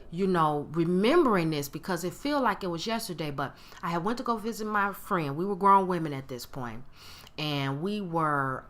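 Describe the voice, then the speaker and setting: A woman in her forties telling a personal story in a casual talk, animated and conversational, acting out what others said with big jumps in her voice. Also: mid-range voice. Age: 40s. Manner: conversational with frequent restarts and okay tags.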